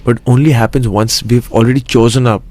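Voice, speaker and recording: Eager and rambling, this young actor from Mumbai, India, restarts often and leans on fillers as a guest in a laid-back interview. He speaks fairly quickly in a mid-range, darkish voice with fairly even intonation.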